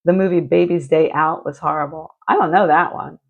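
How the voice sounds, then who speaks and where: Gravelly woman rambling through a crime story. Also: deep voice, fairly even intonation, a little fast, phone-quality sound. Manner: rambling, many restarts and fillers. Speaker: streamer. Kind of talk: casual chat retelling a true crime story.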